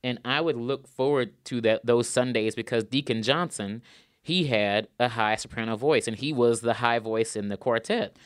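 Smooth-voiced man, earnest interview guest. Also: mid-range voice, normal speed, dry recording, clean studio sound. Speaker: opera singer, interview guest. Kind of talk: thoughtful interview answers.

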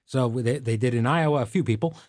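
A man's voice: mid-range voice, fairly quick, a little mellow, no echo, studio quality. A man hosting a podcast, leading the chat in an easygoing, conversational way. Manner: easygoing, with frequent fillers and restarts. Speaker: executive producer and podcast host.

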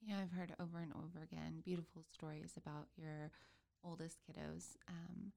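A woman's voice: deep voice, little pitch movement, moderate pace, gravelly, dark tone. A woman hosting a podcast interview, affirming her guest with many fillers and restarts. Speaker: podcast host. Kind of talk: casual interview chat.

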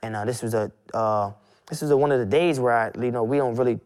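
A man's voice: mid-range voice, fast talker, darkish tone, clear, resonant tone. A young man in his twenties, a guest, telling a personal story in a loose conversational way, with lots of "you know" and restarts. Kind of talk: emotional storytelling in casual conversation.

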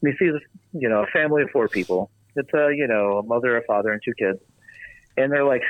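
A man's voice: medium pitch, animated, brisk, no room sound. Man spinning a rambling joke over radio. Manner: casual, meandering, many fillers and restarts. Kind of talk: rambling shaggy-dog joke telling. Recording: tinny phone-like radio sound.

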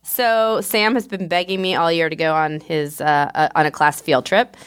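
Woman, podcaster, low voice, quick animated storytelling, archive clip. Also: clean tone. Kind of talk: storytelling from an earlier episode.

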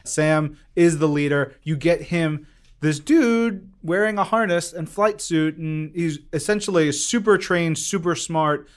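A man co-hosting a casual podcast chat, telling stories with animated enthusiasm. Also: a little high, measured pace. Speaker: podcast co-host reviewing comics.

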